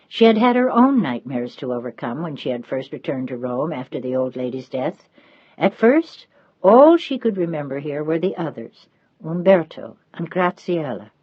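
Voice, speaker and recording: A woman narrating an audiobook in an expressive reading style. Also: deep voice, breathy edge, dry recording, highs cut off. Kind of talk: scripted narration.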